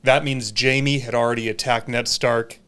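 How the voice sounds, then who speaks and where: A man guesting on a podcast, swapping stories in casual chat. He tells them in an animated way, swears freely and laughs often. His voice sits at an ordinary middle pitch. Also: moderate pace, clear, resonant tone. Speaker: musician guest.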